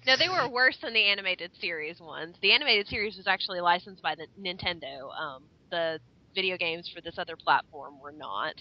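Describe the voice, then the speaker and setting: A woman's voice: lowish voice, lively intonation, brisk, dull audio. A woman co-hosting a casual podcast chat, sharing facts hesitantly with many ums. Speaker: podcast co-host.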